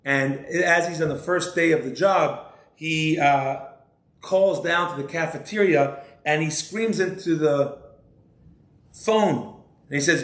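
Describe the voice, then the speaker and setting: A male rabbi giving a measured lecture, posing rhetorical questions to his listeners. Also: on the high side, fairly bright tone. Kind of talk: religious lecture. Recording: roomy echo.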